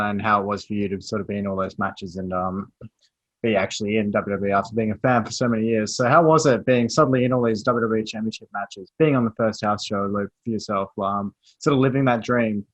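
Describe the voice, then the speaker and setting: A male podcast host asks his guest casual questions and hedges them with "sort of." His voice is low. The sound is dry and close. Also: brisk, fairly bright tone, dry recording, rough recording. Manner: hedging, "sort of".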